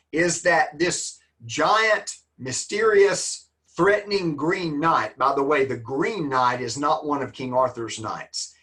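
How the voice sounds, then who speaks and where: A man's voice: medium pitch, fairly bright tone. A man, teaching a literature class online in a folksy, joking, encouraging manner.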